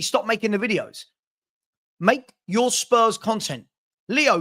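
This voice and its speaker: A man with a fairly high-pitched voice who sounds frustrated and agitated. He stammers, restarts his sentences, and repeats the same lines over and over as he vents on his own chat show. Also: fairly bright tone. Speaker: fan channel host. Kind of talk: heated live chat.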